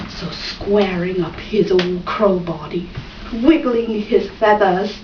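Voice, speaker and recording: A woman telling a fable in an expressive storytelling style, dramatic with sudden pitch jumps and whispered asides. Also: takes it slowly. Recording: roomy, distant, dull and noisy.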